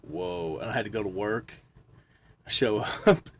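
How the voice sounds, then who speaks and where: A man's voice: on the low side, measured pace, slight background noise. A man talking loosely and swearing in a casual podcast chat. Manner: loose, laughing, swears freely.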